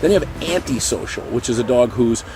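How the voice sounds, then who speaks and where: A middle-aged man talking casually to camera as a dog trainer, animated and breaking into goofy high voices now and then. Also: brisk, over music. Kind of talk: casual explanatory talk to camera.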